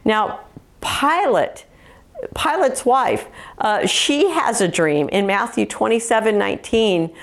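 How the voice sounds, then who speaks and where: A woman's voice: fairly high pitch, animated, takes it slowly. A woman minister from the United States giving an earnest teaching sermon on dreams, mixing scripture with personal testimony. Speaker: Christian TV minister.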